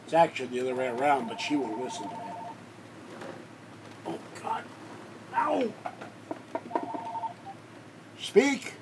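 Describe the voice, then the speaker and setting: A man's voice: medium pitch, huge pitch swings, slow pace, long pauses, noisy background. A man hosting a casual livestream from home, rambling and complaining as he talks over his guest. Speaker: livestream host. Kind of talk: casual live-stream chat.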